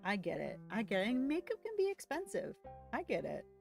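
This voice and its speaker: A woman's voice: on the high side, huge pitch swings, brisk, vocal fry, darkish tone. Chatty woman narrating her gameplay. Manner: chatty, easygoing, thinking aloud. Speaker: gaming streamer. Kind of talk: casual gameplay commentary. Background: faint music.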